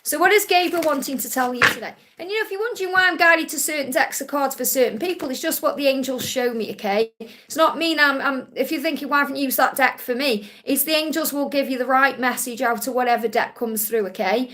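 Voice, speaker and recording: A woman hosting a live psychic question-and-answer stream, gently reassuring and ending her points with a soft "okay?". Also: high voice, fast. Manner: relays messages in first person with emphatic repetition.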